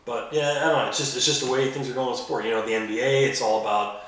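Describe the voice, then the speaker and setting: A man co-hosting a sports talk show, rambling and halting with many fillers. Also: medium pitch, steady tone, a bit bright. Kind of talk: casual sports chat. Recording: echoey room, off-mic, faint noise.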